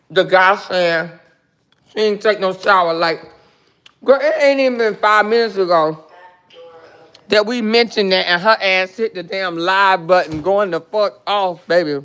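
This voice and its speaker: Woman, livestream host, casual commentary, brash, mocking, bright sharp tone. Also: medium pitch. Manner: brash, profane, mocking, laughing.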